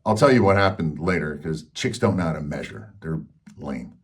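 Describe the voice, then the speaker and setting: Man, very low voice, candid, casual storytelling, rambling with fillers. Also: normal speed, husky. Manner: frank, rambling, full of fillers. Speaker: health channel host.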